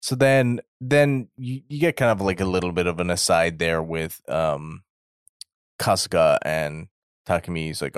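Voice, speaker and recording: A man's voice: sits low, normal speed, smooth, no echo, studio quality. A man co-hosting a podcast, casually recapping episodes and acting out the characters' lines with plenty of swearing. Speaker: podcast co-host.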